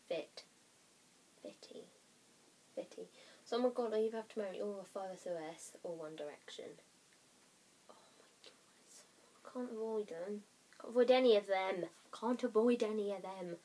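A woman's voice: mid-range voice, warm tone, slight background noise. A young woman talks into her webcam at home in a loose, rambling way. She giggles, apologizes often and sometimes sinks to a whisper. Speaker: vlogger. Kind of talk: casual chatty vlog.

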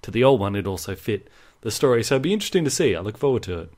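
A man's voice: fairly low pitch, very fast. An Australian man hosting a podcast, chatting casually and telling jokey stories. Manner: animated, joking storyteller. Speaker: podcast host. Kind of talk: casual chat.

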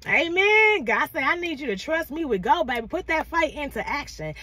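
A woman's voice: high-pitched, very animated, moderate pace, few pauses, sharp tone, dry recording. A woman preaching a prophetic word in a fervent call-and-response manner, often repeating "come on now" and calling listeners "baby".

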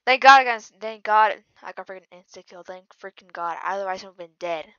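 A woman giving casual gameplay commentary as a channel host, jittery and slangy, dropping from mumbles to sudden yells. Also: medium pitch, brisk, dry recording, lo-fi sound. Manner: slangy, keeps saying "bro" and "freaking".

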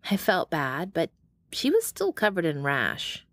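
A woman narrating a first-person romance audiobook in steady storytelling on a close studio mic. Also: lowish voice, unhurried, no echo. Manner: steady storytelling with dialogue voices.

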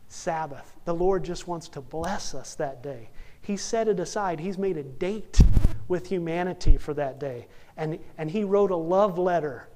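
A young man preaching a sermon, telling a humorous story and acting out the characters in animated bursts. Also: a little high, unhurried, a little hiss or hum. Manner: animated, jokey, acts out characters.

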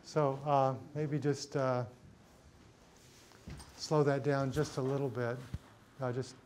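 A middle-aged man leads a hands-on lighting workshop at a mid pitch, talking in halting bits full of fillers and restarts. Faint noise sits under the studio recording. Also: little pitch movement, a little mellow. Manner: halting, many fillers and restarts, thinking aloud while adjusting lights. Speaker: cinematography workshop instructor.

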